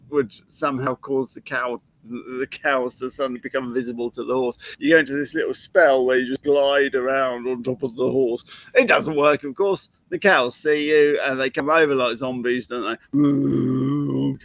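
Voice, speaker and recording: A man's voice: mid-range voice, a bit bright, dull audio. A man teaching about horses in a chatty live-stream talk, often asking rhetorical questions. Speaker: horse trainer.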